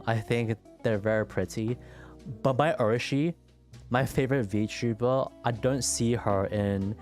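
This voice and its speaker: Guy streamer chatting slow with his chat, stutters a lot, faint music behind. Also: lowish voice, darkish tone. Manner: stuttering, repeats words. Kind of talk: casual chat with viewers.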